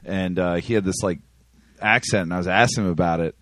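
A man's voice: deep voice, brisk, fairly bright tone, no echo. A man co-hosting a casual podcast who tells meandering, hedging stories. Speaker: podcast co-host. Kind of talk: casual chat.

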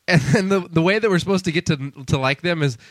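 A man on a comedy podcast, retelling movie scenes with quick acted-out quotes and laughs. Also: a little high, no room sound. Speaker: podcast co-host. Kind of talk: casual comedy podcast chat.

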